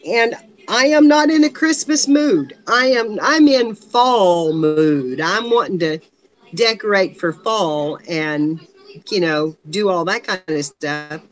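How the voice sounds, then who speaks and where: A woman's voice: mid-range voice, lively intonation, slow pace, poor audio. A woman in casual chat on a live video call, rambling a little and laughing often. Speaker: guest on a craft live stream.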